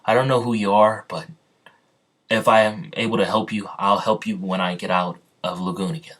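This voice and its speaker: A gruff young male fighter who is confused and on edge, with a man reading him out. He speaks in a flat, halting way, his voice sitting a little low. This is a homemade story read aloud. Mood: earnest.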